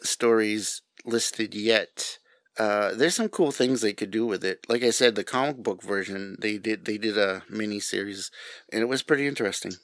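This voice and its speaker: A man's voice: fairly low pitch, normal speed, no room sound, studio quality. A middle-aged man with a New England accent, co-hosting a podcast in casual chat and laughing often. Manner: laughs often, jokey asides. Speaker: podcast co-host.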